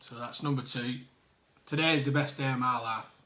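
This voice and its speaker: A man's voice: medium pitch, fairly even intonation, normal speed, bright, forceful tone. A man hosting a live online quiz, reading out answers with jokey, chatty asides. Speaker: quiz host.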